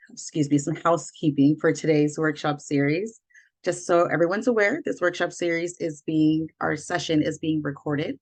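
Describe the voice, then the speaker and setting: A woman hosts an online workshop over a video call, reading the opening and housekeeping notes. Her voice sits a little low, and she talks in a careful, measured way with small self-corrections. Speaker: community engagement manager, workshop host.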